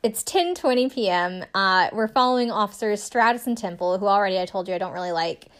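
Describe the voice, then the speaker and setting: A woman's voice: medium pitch, expressive, fairly quick, a bit bright. Young woman host, loose recap chat, sarcastic asides, lots of filler "like". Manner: chatty, sarcastic, lots of "like" and laughs. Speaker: podcast host recapping a TV show.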